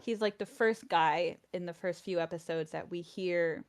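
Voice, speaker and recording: Lower-pitched woman in chatty recap. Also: moderate pace. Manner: chatty, animated retelling with many fillers. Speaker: presenter of a podcast recap. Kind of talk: casual chat.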